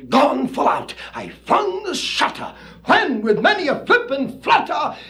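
A man's voice: extremely high pitch, wildly swooping pitch, unhurried, bright, forceful tone. A man performing a comic poem recitation in hipster jive slang, with a theatrical, dramatic delivery.

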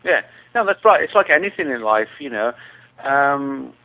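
A man's voice: mid-range voice, animated, normal speed, vocal fry. An English-accented man talking casually as a guest, rambling with many restarts. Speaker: guest researcher. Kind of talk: casual interview talk. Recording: tinny phone-like line.

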